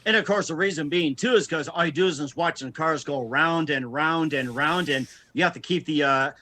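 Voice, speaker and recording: A man's voice: on the high side, a little fast, sharp tone. A man, a radio talk show guest, telling stories in casual chat and laughing often.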